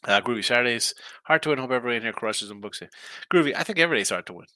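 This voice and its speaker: A man's voice: mid-range voice, expressive, rapid-fire, bright, forceful tone, no room sound. A man hosting a sports betting picks live stream, chatting casually, thinking aloud and answering viewer comments. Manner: rambling, thinking aloud, reacting to chat comments.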